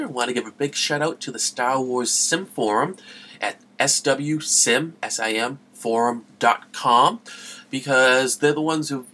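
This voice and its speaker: A man's voice: mid-range voice, a bit bright. A man hosting a gaming podcast in a casual, rambling way who gets sidetracked and laughs at himself. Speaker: podcast host.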